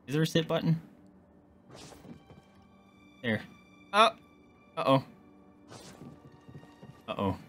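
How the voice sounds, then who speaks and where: Male streamer, lively pitch swings, excitable and foul-mouthed, game music faint behind. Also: takes it slowly, pauses often. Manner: excitable, swears a lot, jokes at the screen. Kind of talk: casual gameplay commentary.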